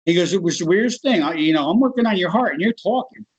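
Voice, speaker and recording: A middle-aged man, a guest, shares a personal story in casual conversation, animatedly acting out the voices of the people involved. His voice is high-pitched and breathy-edged, and he talks quickly. The audio quality is poor.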